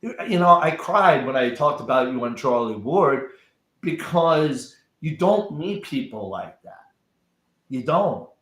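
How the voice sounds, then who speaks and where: A man's voice: medium pitch, very animated, a little slow, a bit bright. Emphatic man in an echoey room. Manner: emphatic, repeats words while building up. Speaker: guest. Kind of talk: casual chat.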